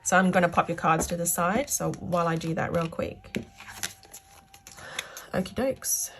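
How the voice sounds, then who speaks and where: A woman's voice: on the low side, normal speed, background noise. A woman giving a pick-a-card tarot reading, gushing and effusive, tearful with emotion as she talks to her viewers. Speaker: tarot reader.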